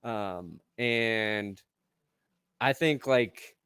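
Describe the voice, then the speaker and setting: A young man co-hosting a casual sports podcast, animated and joking. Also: lowish voice, drawn-out words, clear, resonant tone, no room sound, clean studio sound. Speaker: podcast co-host.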